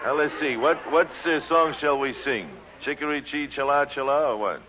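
A man's voice: a little high, moderate pace. A man hosting a live broadcast, jovial and coaxing as he calls people up to the stage. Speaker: radio show host. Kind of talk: live broadcast emcee banter. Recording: dull old broadcast recording, loud crowd. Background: noisy live audience.

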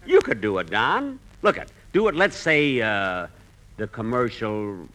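A man's voice: medium pitch, very animated, a little slow, bright, forceful tone. A man hosting a 1940s radio comedy, exasperated and fussy. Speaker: comedian host.

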